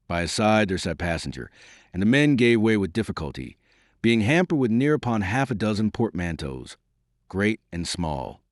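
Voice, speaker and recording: Guy reading an audiobook, low voice, dry close sound, formal and measured. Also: no room sound. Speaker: audiobook narrator. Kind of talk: scripted audiobook narration.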